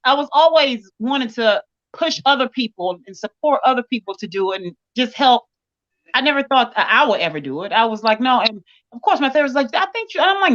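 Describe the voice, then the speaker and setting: A woman guest on a casual livestream, talkative and expressive. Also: sits high, highs cut off.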